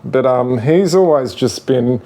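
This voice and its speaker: A man explains, in a casual how-to, how he trains his ferrets. His voice is mid-pitched and gentle, coaxing the animals along patiently. He rambles a bit, leaning on fillers as he goes. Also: lively intonation, a little slow. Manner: rambling with fillers like "you know" and "sort of". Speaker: ferret owner demonstrating training.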